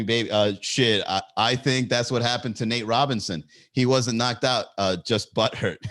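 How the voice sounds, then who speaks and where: A man's voice: mid-range voice, fairly bright tone. A man hosting a comedy podcast, riffing casually, often laughing and swearing freely.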